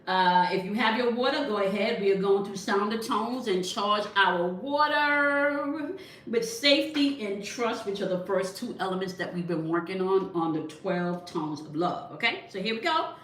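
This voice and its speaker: A woman's voice: expressive, moderate pace, fairly bright tone. Woman reading tarot in an echoey room. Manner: instructive, checks in with "okay?" after each point. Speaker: tarot reader. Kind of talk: spiritual tarot reading to viewers. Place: at a desk indoors. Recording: echoey room, mic at a distance, faint rumble.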